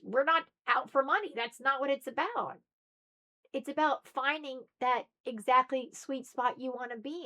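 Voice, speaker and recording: A woman's voice: high-pitched, sharp tone. A middle-aged woman talking casually to her viewers in a rambling, emphatic, preachy way. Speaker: spiritual vlogger. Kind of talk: casual monologue to camera.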